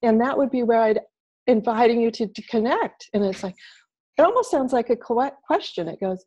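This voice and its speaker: A woman guest talking casually as a body language expert over a video call, animated and playing out little quoted voices. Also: on the high side, normal speed, breathy edge. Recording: dull lo-fi video call audio.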